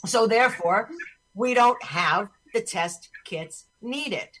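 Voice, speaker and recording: A woman's voice: medium pitch, animated, slow, a bit bright, breathy edge, low-quality recording. A woman hosting a podcast over a video call, talking in a blunt, profane, ranting way. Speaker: podcast host. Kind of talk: casual chat on a video call.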